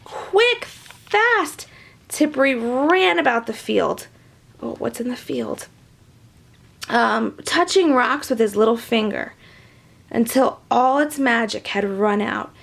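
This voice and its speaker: High gravelly woman reading to kids. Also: measured pace. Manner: animated, chatty asides to children. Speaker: storybook reader. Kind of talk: reading a children's picture book aloud.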